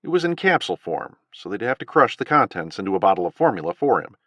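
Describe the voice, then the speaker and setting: A low-pitched man reads a gritty thriller audiobook with an animated, rising-and-falling delivery. The recording is dry and close, with no room sound. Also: fast, dry recording, lo-fi sound. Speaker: audiobook narrator. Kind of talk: scripted narration.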